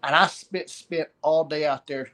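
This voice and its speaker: A middle-aged man, telling a personal story of loss in a halting way, pausing and repeating words. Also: on the high side, steady tone, a bit bright. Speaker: guest sharing a story of loss.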